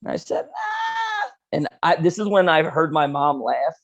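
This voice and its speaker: Young male podcast host, slightly high voice, rambling profane storyteller. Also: brisk, muffled recording. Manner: profane, laid-back storytelling with lots of "dude" and "you know". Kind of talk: casual storytelling chat.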